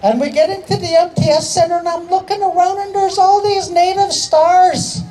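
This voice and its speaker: A man's voice: very high-pitched, fairly even intonation, normal speed, a little mellow, rough recording. A man telling a comedy story on an outdoor stage, chatty and hyping up the crowd, often adding "eh". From Canada. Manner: chatty, tags lines with "eh", hypes the crowd. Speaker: stand-up comedian and rapper. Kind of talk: stand-up storytelling.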